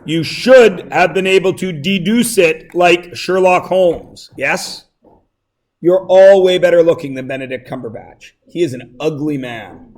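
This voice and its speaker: A man teaching a classroom math lesson, quizzing students with quick questions and joking asides. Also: fairly high pitch, a little mellow.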